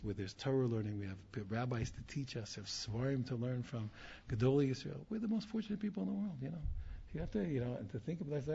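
A man's voice: medium pitch, creaky, warm tone. A man talking to his students as their rabbi, rambling and repeating himself, with Hebrew terms mixed in. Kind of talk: informal talk with a story. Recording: dull lo-fi sound, faint room noise.

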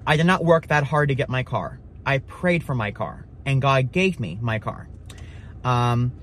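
A man preaching at a Bible study in an easygoing, rambling way. His talk is loose and full of fillers, with a faint hum of room noise behind his mid-pitched voice. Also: fairly bright tone. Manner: rambling, filler-heavy, with many "like" and "you know".

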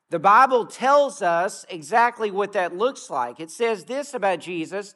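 A man preaching an outdoor sermon, telling stories earnestly and slowing down to stress key words. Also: high-pitched, a bit bright. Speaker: pastor. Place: outdoor gathering.

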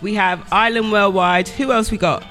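A woman's voice: medium pitch, fairly even intonation, moderate pace, fairly bright tone, soft background music. A woman with an English accent hosting a radio interview, chatty, often saying "you know what I'm saying". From England. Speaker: radio host.

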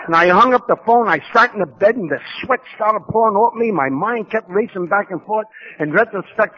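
A man's voice: sits high, fairly bright tone. Gritty New man telling his story. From New York. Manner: gritty, streetwise, rapid-fire storytelling. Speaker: speaker at a recovery conference. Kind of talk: personal storytelling talk. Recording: lo-fi 1990s conference tape.

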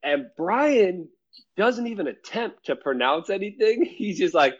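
Guy telling a story on a podcast, slightly high voice, bouncy, acts out quotes, kinda muffled lo-fi sound. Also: unhurried. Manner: animated, laughs often, acts out quotes. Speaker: storyteller in a group chat. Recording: dull lo-fi sound.

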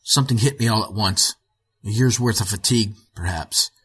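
A man giving a measured, scripted reading of a fiction story as its narrator. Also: lowish voice, a bit bright.

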